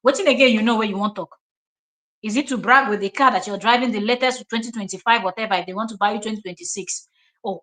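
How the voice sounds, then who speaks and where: A woman's voice: a little high, pushed and bright. Scolding Nigerian woman hosting a live stream. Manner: scolding, emphatic, repetitive. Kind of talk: live-stream reaction commentary.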